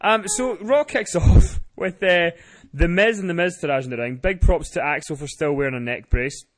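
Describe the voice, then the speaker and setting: A man's voice: on the high side, normal speed, slight background noise. A man hosting a podcast, casually recapping wrestling with swearing and laughter. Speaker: podcast host.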